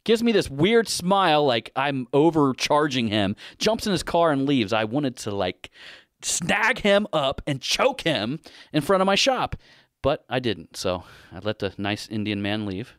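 A man's voice: medium pitch, big pitch swings, a little slow, fairly bright tone, dry recording, clean studio sound. A middle-aged man hosting a casual podcast, telling a rambling, profane shop story with frequent laughter. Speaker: podcast host, dent repair shop owner.

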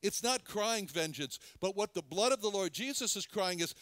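A man preaching a sermon in an earnest, halting way, often restarting and repeating words. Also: sits high, lively intonation, a bit bright, dry recording, clean studio sound. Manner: earnest, lingers on phrases.

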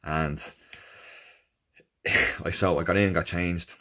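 A man with an Irish accent casually recounting his first endurance race, animated and jokey, acting out the people he met. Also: deep voice, slow pace. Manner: animated, jokey, acts out quoted exchanges in raised voices. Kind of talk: casual storytelling.

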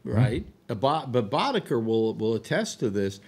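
A man's voice: medium pitch, moderate pace, husky. An American man hosting a casual panel chat, talking with many restarts and fillers. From United States. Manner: animated, full of restarts and fillers. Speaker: host. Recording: online call audio.

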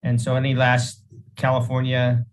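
A man's voice: mid-range voice, monotone, poor audio. A man hosting a meeting and giving earnest public remarks, often restarting his words. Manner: earnest, halting with repeated restarts. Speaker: state senator hosting a meeting.

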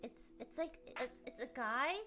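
A high-voiced woman telling a story in casual chat. She giggles often and leans heavily on filler words. Loud music plays close behind her. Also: normal speed.

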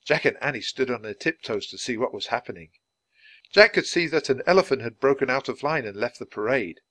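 A man reading a children's chapter book aloud clearly, for language learners. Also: mid-range voice, lively intonation, fairly quick, a bit bright, no room sound. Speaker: storybook reader.

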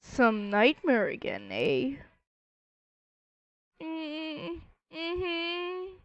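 A woman voicing a caring, worried pony parent who speaks softly and soothingly in an amateur fan audio drama. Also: sing-song, very slow, no room sound, muffled recording, heavily acted. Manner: soft, low and soothing.

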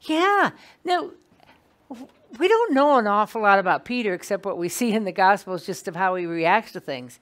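Animated woman teaching a Bible class. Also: medium pitch, normal speed. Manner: animated, conversational, asks the class questions. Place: meeting room with a small class.

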